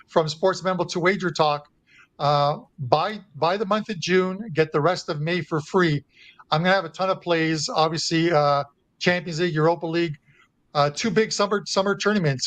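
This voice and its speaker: Man, guest handicapper, chatty betting analysis, slightly high pitch, dry sound. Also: a bit bright, no room sound. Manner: chatty, with frequent uh fillers and restarts.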